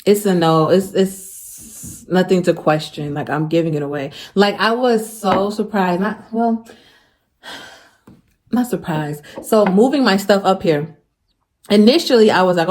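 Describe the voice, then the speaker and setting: A woman's voice: fairly low pitch, a little slow, darkish tone. A young woman talking casually and earnestly to her viewers in a faith vlog. She repeats phrases for emphasis and becomes emotional when she speaks of her faith. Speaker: faith vlogger. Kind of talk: casual heartfelt vlog talk.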